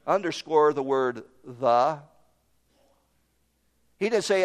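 A man preaching a sermon, emphatic, with his voice swinging between loud proclaiming and quiet drops. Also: medium pitch, lively intonation, takes it slowly, long pauses. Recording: long hall reverb.

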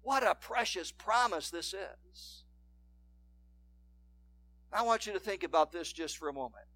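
A man preaching a sermon as pastor, reading scripture aloud and swinging between loud emphatic declarations and hushed asides. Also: high voice, expressive, unhurried. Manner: reads scripture in King James wording.

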